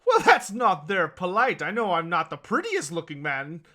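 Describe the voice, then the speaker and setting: A man's voice: high voice, wildly swooping pitch, moderate pace, sharp tone, heavily acted. A man voicing a friendly, homely middle-aged male tavern barkeep with a chatty, folksy manner in a tabletop game.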